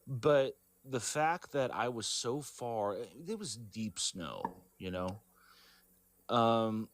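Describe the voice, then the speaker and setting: A man being interviewed, telling a personal story in a rambling, halting way, full of fillers and self-corrections. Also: lowish voice, a bit bright. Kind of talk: casual storytelling.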